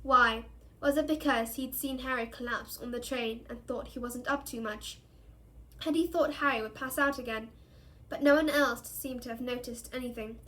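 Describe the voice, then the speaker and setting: A woman's voice: fairly high pitch, fairly even intonation, normal speed, fairly bright tone, poor audio. A woman reading a novel aloud for a book club, narrating steadily and expressively.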